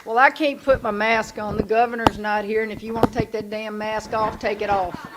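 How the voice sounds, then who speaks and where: A woman's voice: medium pitch, level tone, a little fast, over a noisy crowd, very noisy. A woman from Louisiana with a Southern accent, giving a blunt, folksy after-lunch talk as a guest speaker at a club luncheon. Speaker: guest speaker, basketball coach. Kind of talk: casual after-lunch speech.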